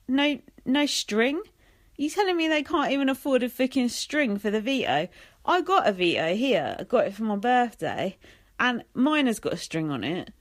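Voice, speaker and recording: A young woman vlogging a casual recap, sarcastic and sweary, full of "like" and "um". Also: mid-range voice. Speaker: vlogger recapping a reality show.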